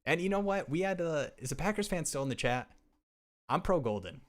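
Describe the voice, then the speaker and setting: A young man chatting casually on a live stream as he drafts fantasy football, excitable and rambling, often restarting his sentences. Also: a little high, quick pace. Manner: excitable, rambling, self-interrupting.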